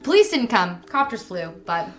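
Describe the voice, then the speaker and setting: A woman co-hosting a laid-back movie review podcast, her voice pitched a little high. She rambles, restarts her sentences and swears freely, often flaring into playful mock anger. Soft music plays faintly underneath. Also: sing-song, moderate pace. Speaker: podcast co-host. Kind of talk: casual movie review chat.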